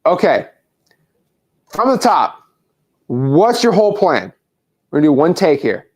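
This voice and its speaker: A young man coaching a caller on a call, pushy and repeating lines slowly word by word. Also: a little high, big pitch swings. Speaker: wholesaling coach.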